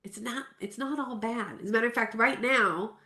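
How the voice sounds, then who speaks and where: A woman's voice: fairly high pitch, normal speed, sharp tone. Earnest woman speaker in a roomy space. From Southern California. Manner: candid, earnest, conversational with restarts. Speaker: self-care speaker. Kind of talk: personal story in a wellness talk. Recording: roomy echo.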